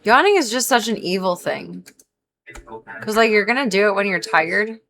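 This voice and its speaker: Sleepy, gravelly-voiced female streamer. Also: mid-range voice, expressive, moderate pace, fairly bright tone. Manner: rambling, chatty, many "like" fillers. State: sleepy, yawning, stuffy nose. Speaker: livestream host. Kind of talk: casual gaming stream chat.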